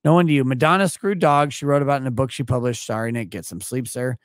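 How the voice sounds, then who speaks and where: A man's voice: mid-range voice, fast talker, no room sound, studio quality. A man hosting a livestream, talking casually in a crude, profane, brash way while reading out viewer messages. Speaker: livestream host.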